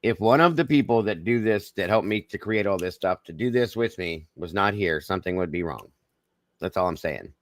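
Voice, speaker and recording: Hosting a casual livestream, a man from the Southern United States greets chat by name in a folksy, easygoing drawl typical of the American South. His low voice is animated yet moderately paced, recorded close to the mic, dry, with no room echo.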